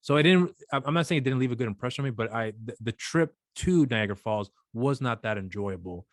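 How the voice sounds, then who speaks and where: A man's voice: mid-range voice, expressive, quick pace, dry recording, studio quality. A man co-hosting a podcast, chatting casually and telling a long rambling story with acted-out voices. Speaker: podcast co-host. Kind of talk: casual chat.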